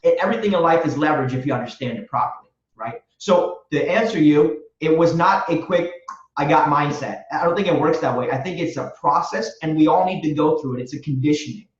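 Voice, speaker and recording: A man's voice: fairly high pitch, fairly quick, hardly any pauses, reverberant, far from the mic, muffled recording. A man guest on a podcast, answering in an earnest, motivational way and repeating phrases for emphasis. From Romania. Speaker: guest, real estate wholesaler.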